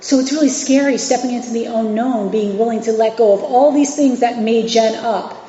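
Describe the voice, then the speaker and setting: A woman in her forties with roots in New York City and Virginia speaks as a guest at a recovery meeting, sharing candidly and conversationally with lots of fillers and restarts. Her voice is fairly high and dark-toned at a normal speed, with slight background noise. The meeting hall sounds echoey, and the recording is dull and lo-fi.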